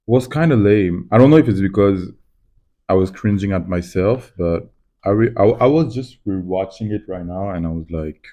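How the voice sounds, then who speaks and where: Guy vlogging at home, slow and rambly, low mellow voice. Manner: rambling, reflective, self-mocking. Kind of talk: casual to-camera chat. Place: at home, doing crafts.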